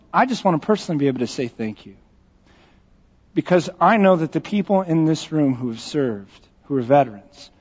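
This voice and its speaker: A high-pitched man preaches in a relaxed, folksy way, teasing his congregation between stories. His voice rings with the long reverb of a church sanctuary. The recording is slightly dull. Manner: joking, folksy, speaks directly to the congregation. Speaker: pastor. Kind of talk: conversational storytelling sermon.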